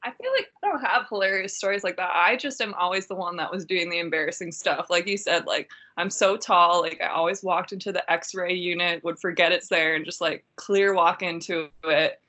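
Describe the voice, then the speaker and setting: A woman's voice: on the low side, normal speed, few pauses, bright, forceful tone. A woman who works as a dental hygienist, a guest on a podcast, chatting casually and poking fun at herself. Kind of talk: casual chat.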